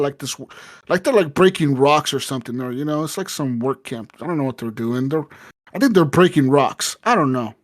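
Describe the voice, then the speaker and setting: A man co-hosting a podcast, telling a gaming story in a profane, animated way and acting out the people in it. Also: fairly high pitch. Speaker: podcast co-host. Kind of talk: casual chat.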